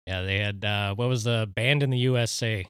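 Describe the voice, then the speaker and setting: Low-voiced man, easygoing chat. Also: moderate pace, clean tone, dry recording, studio quality. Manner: easygoing, reminiscing, laughs often. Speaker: podcast co-host. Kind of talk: casual banter.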